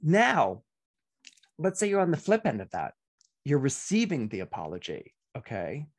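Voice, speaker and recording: A man's voice: mid-range voice, wildly swooping pitch, moderate pace. A middle-aged man, an astrologer, talking casually on a podcast with many restarts and playful asides. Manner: chatty, many restarts and acted-out quotes.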